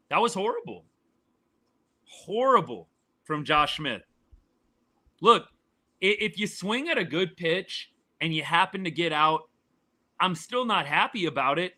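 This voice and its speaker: Male sports streamer, fired-up and exasperated, forceful and a little high-pitched, answering chat live. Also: animated, normal speed. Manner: fired-up, exasperated, repeats points.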